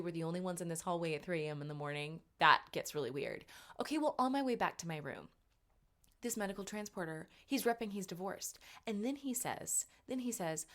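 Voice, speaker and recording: A woman hosting a podcast, telling a story in a casual, animated, self-mocking way, with her voice jumping up for punchlines. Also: mid-range voice, fairly quick. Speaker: podcast host.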